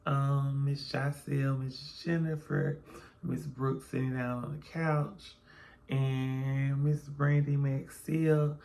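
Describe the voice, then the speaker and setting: A man's voice: medium pitch, little pitch movement, takes it slowly, vocal fry, darkish tone. A man recapping a reality TV episode in a chatty way, calling viewers y'all and baby, sleepy and yawning at home in the early morning. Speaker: reality TV reviewer. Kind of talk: casual recap vlog.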